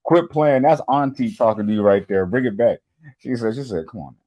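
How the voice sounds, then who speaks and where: A man hosts a casual reaction video, with a mid-pitched voice that swings widely as he jokes. He talks in loose slang and keeps breaking into short impressions of the people he's watching. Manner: animated and slangy, acts out quick impressions.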